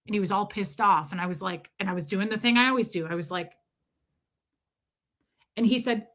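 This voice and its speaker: A woman's voice: mid-range voice, a little fast, long pauses, fairly bright tone. A woman hosting a casual livestream, telling a story emphatically and acting out the voices of people in it. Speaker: livestream host.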